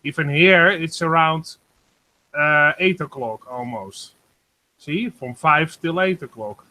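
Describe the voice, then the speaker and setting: A man on a group video call, talking about the weather at his home, hesitant and full of pauses. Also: fairly high pitch, bright, forceful tone. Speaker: guest giving a weather report. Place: home in Germany.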